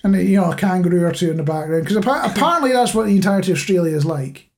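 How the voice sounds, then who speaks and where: A man's voice: sits high, expressive, very fast, a little hiss or hum. Rambling male podcast co-host. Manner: chatty, rambling, self-mocking. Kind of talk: casual chat.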